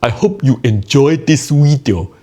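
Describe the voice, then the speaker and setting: A man putting on a forceful, clipped Cantonese accent, dropping grammar as he talks. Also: medium pitch, animated, measured pace, pitched above the performer's own voice. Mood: chirpy.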